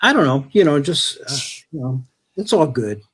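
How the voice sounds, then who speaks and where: A man's voice: a little high, big pitch swings, normal speed. A male guest on a video call, talking in an affectionate, casual way. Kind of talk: casual chat.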